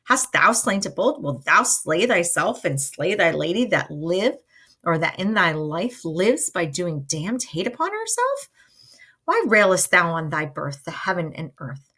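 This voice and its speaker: A stern older friar, as a woman reads him aloud, scolding with exasperated emphasis that keeps rising in pitch. He lectures at a lively, pushing pace in a dramatic play reading, lifting his voice on every rebuke. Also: heavily acted.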